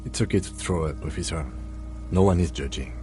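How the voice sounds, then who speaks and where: An actor playing a composed, formal police lieutenant in a video game, speaking in a clipped husky voice. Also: male voice, low-pitched, brisk, music in the background, close to an everyday voice. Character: calm precise male police lieutenant.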